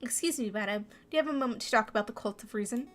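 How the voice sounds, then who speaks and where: A woman's voice: on the high side, rapid-fire, faint music behind, natural voice. A woman doing an eager male cult recruiter. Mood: pushy.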